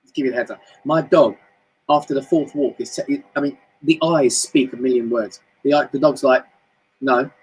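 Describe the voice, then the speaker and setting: A man with a British accent giving a chatty, animated motivational talk on a home live stream, often jumping up high in pitch. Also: fairly quick, husky, rough recording. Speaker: motivational speaker. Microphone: home live stream mic.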